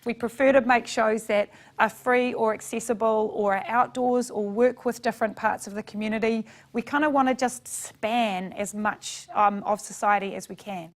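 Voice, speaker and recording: A woman, a theatre maker talking in an interview in a lively way. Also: fairly high pitch, moderate pace, hardly any pauses. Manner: lively, acts out quotes in different voices. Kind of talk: interview talk.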